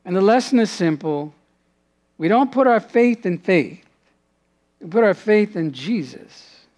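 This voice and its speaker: High-voiced man preaching a sermon. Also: lively intonation, a little slow. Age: adult, father has passed away. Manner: earnest preaching, dropping to a hushed voice in prayerful moments. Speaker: pastor.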